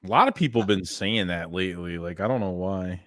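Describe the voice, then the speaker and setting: A man co-hosting a casual sports podcast, relaxed and joking. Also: sits low, a little fast. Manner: laid-back, joking asides. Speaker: podcast co-host.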